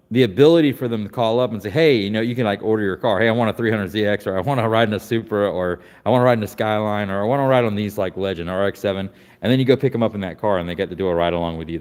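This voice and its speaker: Man, low voice, rambling, fillers and restarts, echoing garage. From Florida, United States. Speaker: vlogger showing his car collection. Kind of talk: casual walkaround chat. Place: garage workshop.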